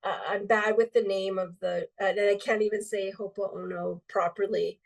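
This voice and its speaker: A woman speaking as a healing medium guest in a relaxed interview, rambling with many fillers. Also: medium pitch, moderate pace, vocal fry, distant mic. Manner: meandering, filler-heavy, lots of um and like.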